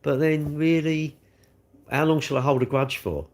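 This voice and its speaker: A man's voice: on the high side, steady tone, normal speed, a little mellow. A middle-aged man, chatting loosely on a livestream and talking straight to his viewers. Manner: rambling, talks straight to viewers. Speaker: livestream host. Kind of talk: casual chat.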